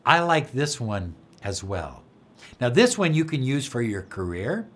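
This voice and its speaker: A middle-aged man speaks slowly and earnestly in a motivational self-help talk. His pitch moves a great deal, rising and sinking as he coaches, and he sometimes falls to a soft whisper. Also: sing-song. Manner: slow, earnest, drops to a soft whisper for affirmations. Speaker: law of attraction teacher.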